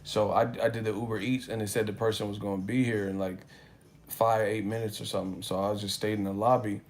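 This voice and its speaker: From a hotel room, a man hosts a live boxing talk stream, telling stories in a loose, profane, rambling way. His voice is fairly low and flat, and he speaks quickly in casual live-stream chat.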